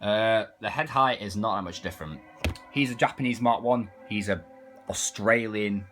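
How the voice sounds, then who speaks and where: A man's voice: fairly low pitch, moderate pace, a bit bright, soft background music. A man casually reviewing an action figure, chatting as he demonstrates its parts. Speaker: toy reviewer.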